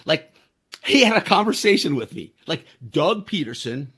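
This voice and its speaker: A man's voice: fairly high pitch, very animated, moderate pace, fairly bright tone, breathy edge. A man in his sixties hosting a podcast, telling a story in a rambling, self-deprecating way, with many fillers and restarts. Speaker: podcast host. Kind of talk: casual storytelling.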